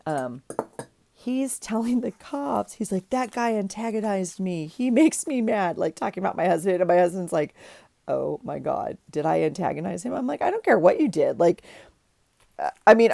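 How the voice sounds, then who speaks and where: A woman's voice: fairly low pitch, creaky, no room sound, clean studio sound. A woman in her forties telling a story in a casual, chatty way while she works on a journal, filling it with lots of "like"s. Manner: chatty, animated retelling with many "like"s. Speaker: journaling vlogger.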